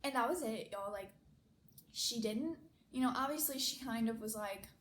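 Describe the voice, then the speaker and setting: A woman's voice: on the high side, normal speed. A young woman telling a personal story in a chatty, casual way, full of "like" fillers. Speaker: vlogger. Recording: echoey room, faint noise.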